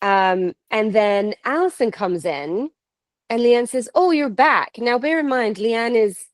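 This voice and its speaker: Casting: woman, 30s, from Canada, unhurried animated storyteller, dry close sound. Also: a little high, no room sound. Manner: animated, laughs often, quotes others. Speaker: paranormal investigator guest. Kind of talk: casual storytelling.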